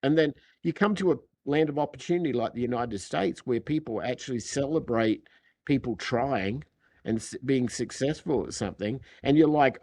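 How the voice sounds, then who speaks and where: A middle-aged man with an Australian accent, chatting casually as a podcast guest and telling animated stories that act out quoted dialogue. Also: medium pitch, moderate pace. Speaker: podcast guest, recording engineer. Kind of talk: casual chat.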